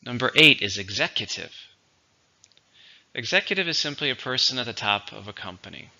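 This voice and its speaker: Bright-voiced man teaching vocabulary. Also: medium pitch, lively intonation, creaky. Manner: slow, patient, explanatory. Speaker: English teacher. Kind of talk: vocabulary lesson. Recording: dull lo-fi recording.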